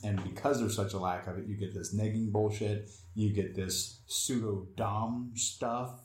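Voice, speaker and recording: A man's voice: on the low side, steady tone, a little slow, echoey room, a little hiss or hum. A man in casual conversation, talking bluntly and swearing freely. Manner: blunt and profane, with laughs. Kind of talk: casual chat.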